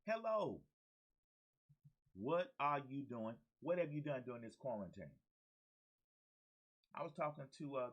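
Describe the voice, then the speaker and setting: Talking to camera on his own show, a motivational coach with a medium-pitched voice bursts with energy, hammering home key phrases and calling out to his audience in a preacher-like way. The recording is rough.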